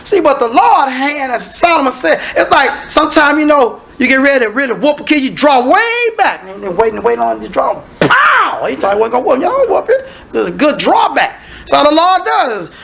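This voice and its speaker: A man preaching a sermon, firing questions at the congregation and swinging from low asides to shouted exclamations. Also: very animated, fairly quick, creaky, few pauses. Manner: calls and questions aimed at the congregation.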